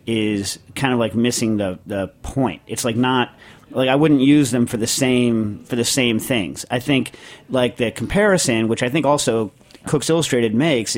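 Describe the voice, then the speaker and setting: Middle-aged guy hosting a podcast, rambly and jokey, lots of ums and restarts. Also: medium pitch. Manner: rambling, joking, many fillers and restarts. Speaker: podcast host answering listener questions. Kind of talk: casual chat.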